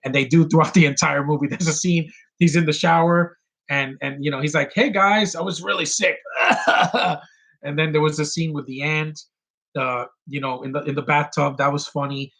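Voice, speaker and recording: A man hosting a casual solo film podcast, rambling excitedly with many restarts and quick bits of mimicry. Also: on the high side, creaky. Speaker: podcast host reviewing a film.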